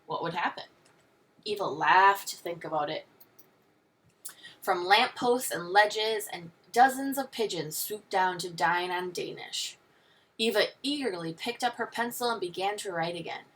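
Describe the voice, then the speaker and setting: A woman teacher reading a picture book aloud with expressive storytelling. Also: lowish voice, measured pace, distant mic.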